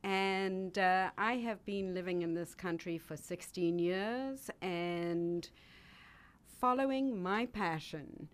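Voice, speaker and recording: A woman from South Africa with a South African accent, speaking as a guest on a radio talk show, enthusiastic and expressive. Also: lowish voice, slow pace, smooth. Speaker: guest, life coach.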